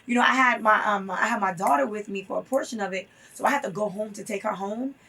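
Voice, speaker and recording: A woman's voice: medium pitch, fast, bright, forceful tone, breathy edge, distant mic. A woman guest in a casual interview, talking emphatically and telling stories with acted-out quotes.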